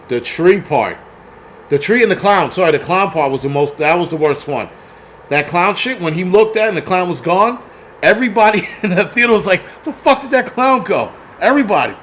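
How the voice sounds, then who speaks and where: A man in his forties chats loosely on a livestream, swearing freely and jumping between thoughts. His voice sits a little high for a man. A faint hum of room ambience runs underneath. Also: fairly bright tone. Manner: profane, rambling, reads chat aloud. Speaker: film review livestream host. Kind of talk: casual livestream chat.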